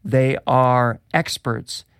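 A man's voice: mid-range voice, drawn-out words, fairly bright tone, clear, resonant tone, dry recording, clean studio sound. A man co-hosting a discussion, asking probing questions and laughing easily. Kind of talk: conversational discussion.

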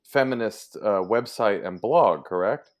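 A man's voice: fairly low pitch, a little slow, a crowd in the background. A man co-hosting a casual podcast chat, dropping joking, teasing interjections. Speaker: podcast co-host.

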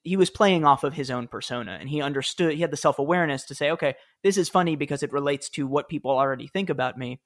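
A man's voice: fairly high pitch, fast talker, hardly any pauses. A man, telling stories earnestly in a casual interview, often restarting his sentences. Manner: earnest, storytelling, frequent restarts. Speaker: former presidential speechwriter, author.

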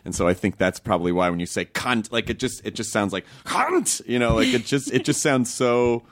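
A man's voice: medium pitch, fairly quick. A man from the United States hosting a podcast, chatting casually and joking, laughing often and rambling through his points. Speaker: podcast host. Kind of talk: casual chat.

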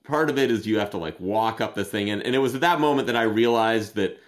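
A man co-hosting a podcast, telling a rambling story in casual chat and getting loud and laughing as it goes on. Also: fairly low pitch, quick pace. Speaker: podcast co-host.

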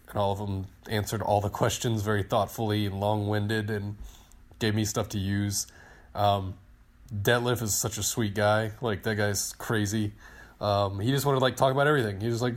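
A man in his thirties on a podcast, telling a long story in a casual, excited, rambling way and acting out what people said. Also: lowish voice, moderate pace. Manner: excited, rambling storyteller who acts out quotes. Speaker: podcast co-host, team digital director.

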